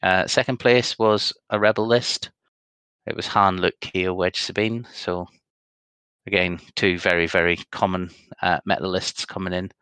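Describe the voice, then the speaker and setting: Brief: male co-host, low gravelly voice, dry close sound, rambling casual delivery. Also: little pitch movement, measured pace, pushed and bright, no echo. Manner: rambling, many ums, reads out results. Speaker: podcast co-host. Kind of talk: casual chat.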